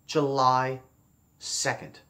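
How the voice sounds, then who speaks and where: A man's voice: mid-range voice, completely flat delivery, drawn-out words, pushed and bright. Blunt, profane man ranting to camera. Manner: repeats phrases for emphasis. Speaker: political commentator. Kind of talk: casual commentary vlog.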